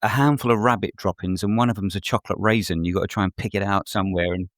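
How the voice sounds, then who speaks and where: A podcast panelist, a man with a deep, low voice who thinks out loud and reaches for vivid comparisons. The sound is dry and close. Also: fast, no room sound. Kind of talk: casual football podcast chat.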